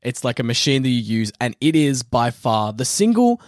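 A man co-hosting a casual chat about gym training, talking in an animated, laughing way. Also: mid-range voice, normal speed, no room sound, studio quality. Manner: animated, laughing, mock-furious storytelling. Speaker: podcast co-host.

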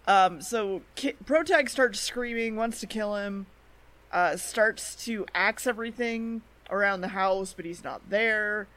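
A woman co-hosting a podcast, casually recapping anime episodes in a chatty way, full of "like" and "um" and quick quoted asides. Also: mid-range voice, a bit bright. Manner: chatty, quoting characters in quick asides, lots of "like" and "um". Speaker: podcast co-host.

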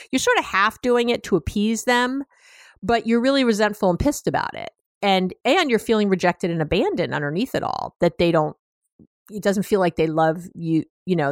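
A woman therapist talks straight to the listener in a chatty, direct podcast style, full of filler words. She slips into quick impressions of clients and partners. Her mid-range voice sounds close and dry, with no room echo. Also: mid-range voice. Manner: chatty and direct, many "you know" fillers. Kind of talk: podcast advice talk.

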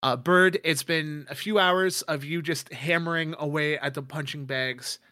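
A man's voice: a little high, steady tone, unhurried, bright, forceful tone, no echo, studio quality. A man narrating a tabletop game as game master, rambling with many fillers.

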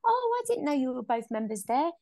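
A woman's voice: sits high, very animated, brisk, warm tone, no echo, clean studio sound. A woman co-hosting a podcast in casual chat, frank, with hesitant restarts. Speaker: podcast co-host.

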